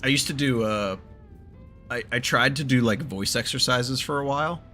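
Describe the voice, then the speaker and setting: A man's voice: medium pitch, normal speed, pushed and bright, faint music behind. A man hosting a stream, chatting casually over a voice call and rambling through stories with frequent laughs. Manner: rambling storyteller, laughs often. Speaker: streamer host. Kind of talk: casual chat.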